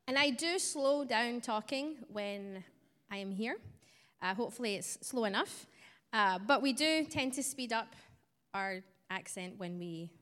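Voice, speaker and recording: A woman's voice: a little high, a bit bright. A woman from Scotland with a Scottish accent, a missionary giving a friendly presentation to a church congregation with light chuckles. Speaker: missionary speaker. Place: church sanctuary. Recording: long church hall reverb.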